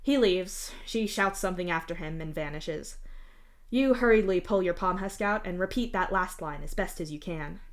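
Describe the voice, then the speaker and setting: A woman with a slightly low voice reading fan fiction aloud on a live stream. She narrates steadily, restarting a phrase now and then. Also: normal speed.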